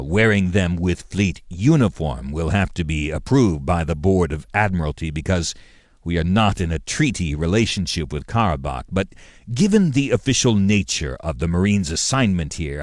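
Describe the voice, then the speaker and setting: A man's voice: low voice, sing-song, normal speed, dry recording, clean studio sound. A man voicing a cautious, diplomatic commodore. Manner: careful, diplomatic, hesitant. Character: cautious male fleet commodore, diplomatic and restrained.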